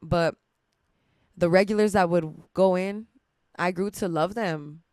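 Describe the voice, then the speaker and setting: A woman's voice: lowish voice, unhurried, a little mellow, no echo, studio quality. A young woman hosting a podcast, telling a rambling personal story with lots of laughs and casual swearing. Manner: chatty and emotional, laughs often, swears casually. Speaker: podcast host.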